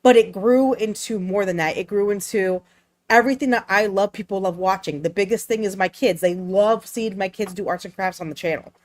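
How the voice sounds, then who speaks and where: A woman with a New Jersey accent talks as a guest streamer. She tells her stories in an animated, earnest way at a middle pitch. The sound is dry and close. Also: fairly quick, no echo. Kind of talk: casual chat.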